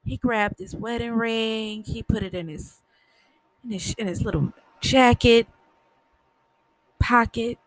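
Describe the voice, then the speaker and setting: A woman's voice: a little high, slow pace, pauses often. A woman hosting a podcast, chatting casually through a TV episode recap and retelling scenes in her own words. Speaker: podcast host.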